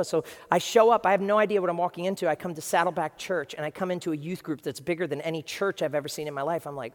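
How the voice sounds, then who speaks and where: A male pastor preaching to his congregation in a lively, conversational way, with quick asides to the room. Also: fairly high pitch. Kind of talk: sermon. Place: large church hall with a congregation. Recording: long reverb of a large hall.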